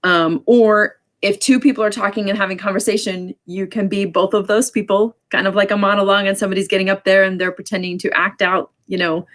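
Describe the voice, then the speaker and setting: A woman teaching a sign language class, explaining in a casual way with many ums and quick asides. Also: mid-range voice, little pitch movement, a bit bright. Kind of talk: casual online class lecture.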